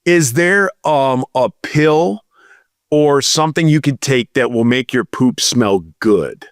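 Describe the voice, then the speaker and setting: A man's voice: mid-range voice, dry recording, studio quality. A young man co-hosting a podcast, rambling through jokey tangents in casual comedic chat. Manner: rambling, jokey, drawn-out storytelling. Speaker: podcast co-host.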